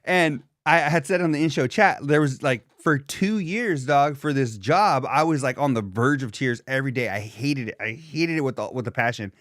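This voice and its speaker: A man co-hosting a podcast in animated, profane casual chat, calling his friend "dog". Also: medium pitch, normal speed, hardly any pauses, no room sound, studio quality. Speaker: podcast co-host.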